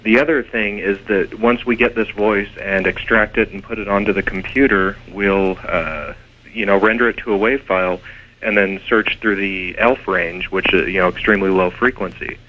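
A low-voiced man talks casually and hesitantly, with many fillers, as a radio guest describing ghost investigations. His voice comes through a dull, muffled phone line. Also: fairly even intonation, moderate pace. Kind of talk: radio interview.

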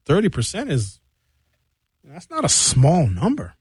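A man in his fifties hosting and reading viewer comments in an exasperated, animated comic rant. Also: fairly high pitch, unhurried, husky, no echo, studio quality. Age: 50s. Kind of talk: comedic rant.

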